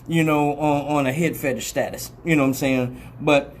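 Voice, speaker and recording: A woman's voice: low voice, steady tone, normal speed, slight background noise. A woman hosting a live radio talk show, blunt and profane, rambling, laughing often and slipping into mock voices as she talks.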